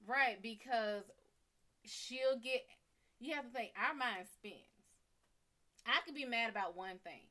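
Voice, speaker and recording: A woman psychic reader giving blunt, animated relationship advice on a live stream, acting out dialogue as she talks. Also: fairly high pitch, slow, long pauses.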